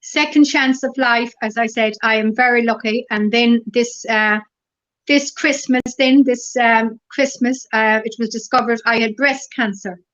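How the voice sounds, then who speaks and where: A middle-aged woman with an Irish accent, a guest in a casual interview, telling stories gently and rambling through lots of fillers. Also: fairly high pitch, steady tone, unhurried. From Ireland. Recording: dull lo-fi recording.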